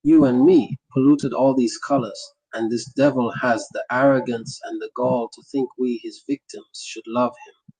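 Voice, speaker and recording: A man's voice: medium pitch, fairly even intonation, moderate pace, darkish tone, slightly rough, no room sound, poor audio. A man narrating a memoir in the first person, breaking into impassioned sermon-style speeches with rhythmic, repeated phrases.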